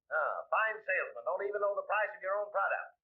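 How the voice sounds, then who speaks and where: An actor playing a gruff, irritable older county road commissioner who is hard of hearing, in 1930s film acting on a tinny old soundtrack. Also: male voice, sits high, lively intonation, quick pace. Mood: scornful.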